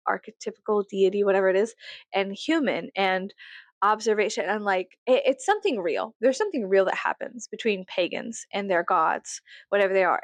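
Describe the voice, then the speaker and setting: A woman's voice: mid-range voice, no room sound. A woman in her thirties from South Texas, rambling in a casual, profane, giggly monologue that swings to sarcastic mockery. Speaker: vlogger.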